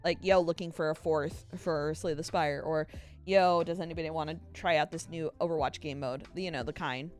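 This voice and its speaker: A woman's voice: low-pitched, fairly even intonation, moderate pace, soft background music. A woman streamer chatting casually with her viewers, rambling and laughing often at herself. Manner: giggly, rambling, self-mocking. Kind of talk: casual live-stream chat.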